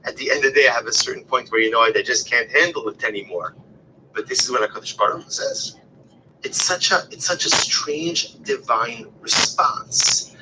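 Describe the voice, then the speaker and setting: A man teaching a text-based Torah class, talking expressively, often repeating phrases and asking rhetorical questions, and sometimes dropping to a hushed whisper. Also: mid-range voice, moderate pace, noisy background. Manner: expressive, shifts between loud emphasis and hushed whispers.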